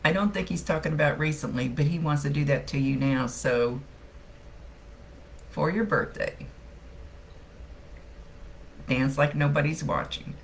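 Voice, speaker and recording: A woman's voice: low voice, measured pace, creaky, long pauses, a little hiss or hum. A woman giving a casual live-streamed psychic reading. She chats freely, laughs often and gets teary along the way. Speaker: psychic medium.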